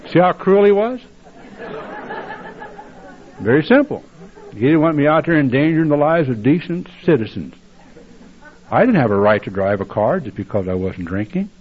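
A man's voice: fairly high pitch, very animated, moderate pace, pauses often, a faint crowd. An older man telling his recovery story at a meeting, wry and blunt and plainspoken. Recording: dull lo-fi tape.

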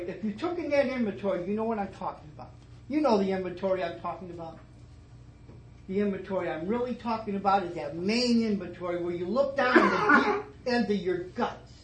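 A middle-aged man telling his story at a twelve-step meeting, starting low and emotional and rising to fervent emphasis, with many repeated phrases. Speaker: recovering alcoholic sharing his story. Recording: echoey meeting room, faint noise.

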